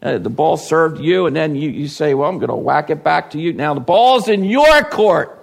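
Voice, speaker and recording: A male pastor delivering a sermon with a fairly high voice. He talks straight to his congregation, asking them questions, and grows louder and higher when he stresses a point. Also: moderate pace, gravelly. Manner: animated, rises in pitch and volume for emphasis; addresses the congregation directly with questions.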